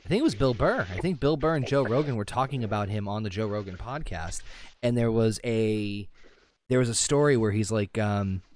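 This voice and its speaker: A man's voice: lowish voice, brisk, a little mellow. A young man co-hosting a casual podcast, telling stories full of fillers. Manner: storytelling with lots of fillers and laughs. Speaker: podcast co-host. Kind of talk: casual chat.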